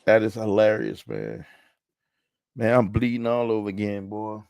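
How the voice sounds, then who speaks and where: A man's voice: fairly low pitch, big pitch swings, moderate pace, gravelly, darkish tone, no echo. A man in his forties hosting a casual chat, laid-back and laughing often, his voice wearing thin. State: losing his voice. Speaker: podcast host.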